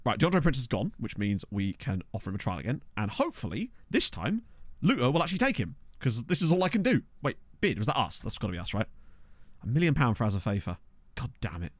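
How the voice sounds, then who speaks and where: A man talks through his football management game on stream, reacting aloud to each surprise and chatting to his viewers. His pitch swings widely and animatedly. The sound is dry and close, with no room echo. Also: quick pace. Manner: excitable, chatty, reacts aloud and addresses chat. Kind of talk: casual gameplay commentary. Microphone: desk microphone.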